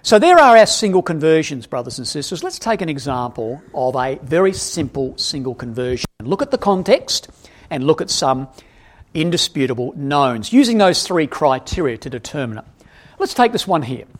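A man preaches verse by verse from the Bible in a voice on the high side, at a moderate speed. Animated throughout, he questions his listeners and catches and corrects his own mistakes.

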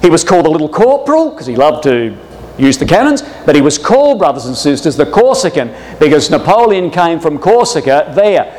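A man teaching a Bible class to a live audience, jokey and animated, often addressing his listeners as brothers and sisters. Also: fairly high pitch, fairly quick. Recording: long echo of a hall.

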